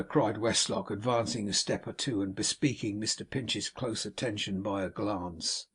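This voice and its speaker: Husky-voiced male reader, measured classic-novel narration. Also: fairly low pitch, fairly even intonation, a bit bright. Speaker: audiobook narrator. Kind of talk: audiobook narration.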